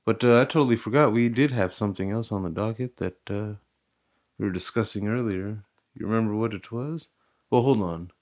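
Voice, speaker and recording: A man's voice: on the low side, a little fast, darkish tone. A young man hosting a casual podcast chat, rambling, laughing often and swearing freely. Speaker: podcast host.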